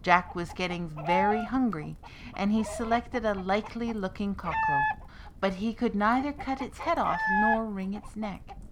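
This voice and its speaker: A woman storyteller giving a steady, expressive reading of a folk tale for a podcast. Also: medium pitch, normal speed, background noise. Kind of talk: scripted narration of a folk tale.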